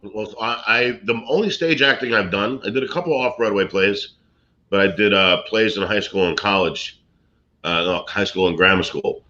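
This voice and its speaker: Rambling, bright-voiced storytelling man. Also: lowish voice, normal speed. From Brooklyn, USA. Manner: rambling, storytelling with many restarts and fillers. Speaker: actor and comedian guest. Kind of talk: casual chat, anecdotes. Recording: dull lo-fi sound.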